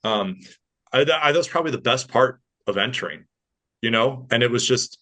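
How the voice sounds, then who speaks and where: A man's voice: mid-range voice, moderate pace. A young man, a podcast guest, telling a story in casual chat and acting out the voices of the people he quotes. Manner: animated, acts out others' voices in quotes.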